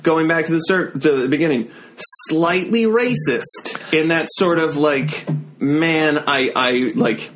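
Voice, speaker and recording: A man's voice: fairly high pitch, slow, fairly bright tone, slight background noise. A man guesting on a podcast, telling a story in casual chat with lots of restarts and self-deprecating asides.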